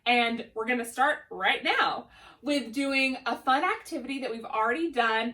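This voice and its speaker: A woman's voice: fairly high pitch, bright, forceful tone. A young adult woman teaching a drama lesson to children, enthusiastic and encouraging. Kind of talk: upbeat classroom lesson.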